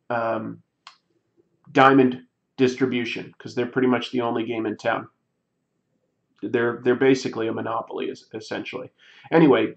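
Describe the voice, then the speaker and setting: A man's voice: medium pitch, lo-fi sound. A man who says he is sick, hosting a drawing livestream and chatting casually with many fillers. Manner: rambling, many fillers and restarts. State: sick, coughing. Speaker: comic artist livestream host. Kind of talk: casual chat while drawing.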